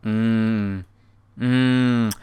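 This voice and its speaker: A man hosting a casual interview, jokey and excitable, laughing often. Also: on the low side, extremely slow, clear, resonant tone. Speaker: interview host.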